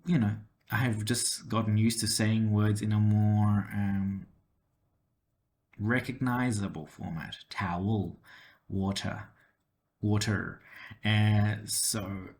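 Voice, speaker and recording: A man's voice: fairly low pitch, slow pace, a little mellow. A man with a mild Australian accent telling a personal story to camera, with many fillers and restarts. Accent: Australian, toned down. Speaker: language-learning vlogger.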